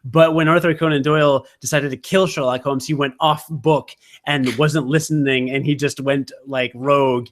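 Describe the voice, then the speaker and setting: A podcast co-host chats casually in a mid-range voice with fairly even intonation, speaking at normal speed with few pauses. He rambles, mocks himself and leans on lots of fillers.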